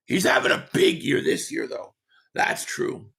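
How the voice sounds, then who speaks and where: A man hosting a casual live stream, hoarse from losing his voice, who reads out viewer comments and gives blunt opinions. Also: sharp tone. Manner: opinionated, quick agreement with viewers.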